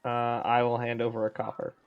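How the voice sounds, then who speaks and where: A man's voice: mid-range voice, completely flat delivery, fast talker, no room sound, muffled recording. A man playing a tabletop game, teasing and playful. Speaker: player.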